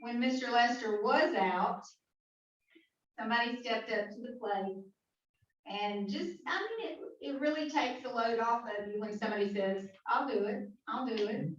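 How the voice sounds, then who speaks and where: A woman's voice: fairly high pitch, normal speed. A woman with a Southern US accent, a club president giving a chatty, grateful speech at a meeting. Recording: echoey hall from far off, dull sound.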